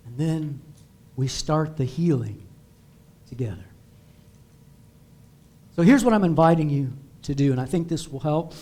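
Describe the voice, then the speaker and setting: A man's voice: fairly high pitch, a little slow, long pauses, a little mellow. A man preaching as pastor in a church, building emphatic repeated declarations. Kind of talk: sermon. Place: church sanctuary.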